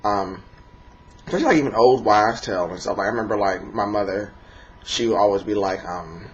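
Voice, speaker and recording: Low-voiced rambling D.C. man, lo-fi. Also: lively intonation, fairly quick. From Washington, D.C. area. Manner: rambling and profane, many fillers. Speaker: vlogger. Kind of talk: casual monologue to camera. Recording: dull lo-fi recording.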